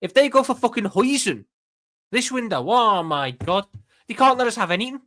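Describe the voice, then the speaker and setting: Sitting high and sounding pushed and bright, this very animated male voice goes at normal speed. The speaker, a Scouse-accented Liverpudlian, chats casually while hosting a live watchalong stream, often cursing and repeating words.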